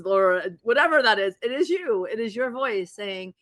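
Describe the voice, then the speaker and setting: A woman's voice: mid-range voice, moderate pace, few pauses, a bit bright, dry recording. A woman hosting a podcast interview, effusive and gushing, often laughing as she talks. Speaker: podcast host. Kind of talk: enthusiastic interview chat.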